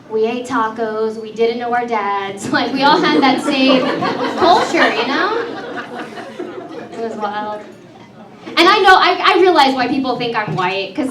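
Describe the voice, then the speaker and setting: Chatty high-voiced woman doing stand-up. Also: a bit bright, reverberant, far from the mic, a little hiss or hum. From Texas. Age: 30s. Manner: chatty, self-mocking, teases the crowd. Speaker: comedy host. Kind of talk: stand-up comedy set. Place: comedy club show.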